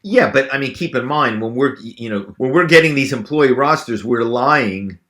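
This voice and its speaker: A middle-aged man, a former actor, telling stories as a podcast guest in an animated, conversational way. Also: medium pitch, moderate pace. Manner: animated storyteller, many fillers and restarts. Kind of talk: casual interview storytelling.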